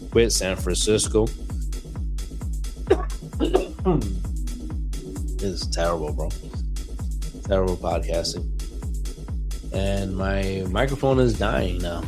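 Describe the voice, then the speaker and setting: Deep-voiced casual male podcast host. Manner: loose and self-deprecating, stumbles on names. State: coughing, throat clearing. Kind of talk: casual podcast rundown reading from notes.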